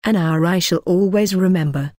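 Woman voicing a soft, teasing young sweetheart, audiobook read, lower voice, dry sound. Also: normal speed, no room sound, lightly acted. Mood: tender.

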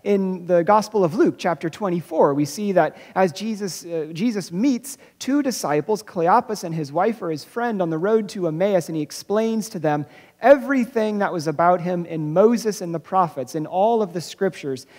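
A pastor giving an Easter sermon, who thinks aloud, restarts phrases and repeats words, and slows down to stress key points. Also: medium pitch, darkish tone. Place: church sanctuary. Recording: long reverb of a church hall.

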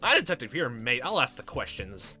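A man voicing a gruff, bossy male detective with a shaky attempt at a British accent. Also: mid-range voice, big pitch swings, quick pace, music in the background, close to an everyday voice. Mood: brusque.

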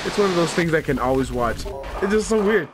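A man giving casual commentary on a fighting game as a let's player, excitable, swearing and laughing often. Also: fairly high pitch, brisk, background noise. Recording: loud game music behind voice.

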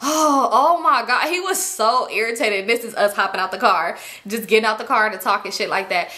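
A young woman telling a story on her channel, animated and slangy, swearing and laughing as she acts out her friends' voices. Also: medium pitch, fairly quick. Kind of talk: casual storytime vlog.

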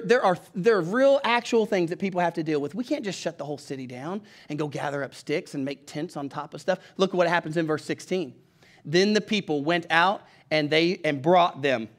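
A man, preaching a storytelling sermon as pastor, talking in a conversational, animated way with lots of restarts. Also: a little high, fairly quick.

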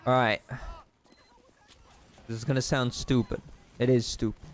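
A young man rambles and swears through a confessional gaming vlog, sounding self-deprecating and unpolished. His pitch sits at an ordinary middle level for a man. A faint noise hangs behind the voice. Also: little pitch movement, a little slow. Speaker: gaming vlogger.

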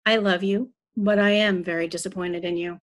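A woman voicing a gentle but stern grandmother in a children's story read aloud, talking calmly and firmly. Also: medium pitch, normal speed, close to an everyday voice. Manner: calm, firm, scolding softly.

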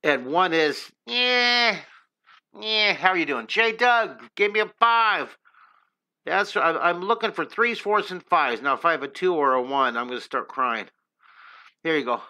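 A man's voice: fairly high pitch, lively intonation, normal speed, sharp tone. A middle-aged man hosting a live drawing lesson, chatting upbeat and encouraging with his viewers as he draws. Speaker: drawing teacher and host.

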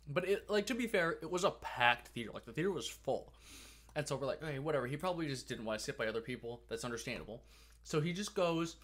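Young man, animated profane storyteller. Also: mid-range voice. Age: young adult. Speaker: podcast co-host. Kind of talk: casual chat, storytelling.

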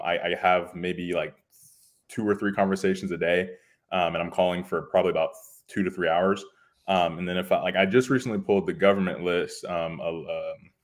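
A young man in his twenties calling in for advice, polite and hesitant, with many ums. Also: sits low. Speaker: caller asking for advice. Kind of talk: casual call-in question.

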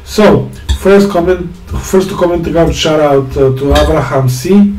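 Halting man reading comments, echoey room. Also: fairly high pitch, darkish tone, recorded from a distance. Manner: reads names haltingly and teases his partner. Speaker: co-host reading viewer comments. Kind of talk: casual chat.

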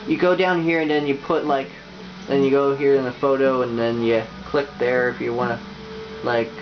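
A young man giving a casual video game tutorial, rambling and halting with lots of fillers and restarts. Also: mid-range voice, level tone, highs cut off, a little hiss or hum. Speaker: YouTuber.

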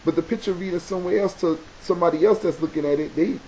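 A man with a New York accent giving a casual advice talk to camera, animated and preachy, repeating key points for emphasis. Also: high voice, fast talker. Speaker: video blogger. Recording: dull lo-fi webcam audio with faint hiss.

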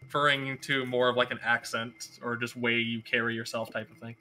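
A man game-mastering a tabletop session, his voice bright and forceful. He narrates in a loose, rambling way, starting sentences over. Faint music plays underneath. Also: mid-range voice, little pitch movement, a little fast. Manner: rambling, restarting narration with many fillers.

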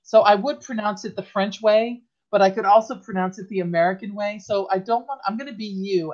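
A woman's voice: medium pitch, lo-fi sound. A woman hosting a live online talk show, chatting casually with many restarts and easy laughter. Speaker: host.

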